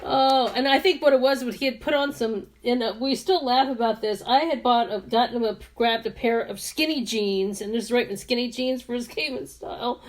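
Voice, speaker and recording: A woman's voice: on the high side, normal speed, few pauses, a little hiss or hum. A woman in her fifties telling a rambling story while doing her makeup, with many restarts and frequent laughter. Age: 50s. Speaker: beauty vlogger.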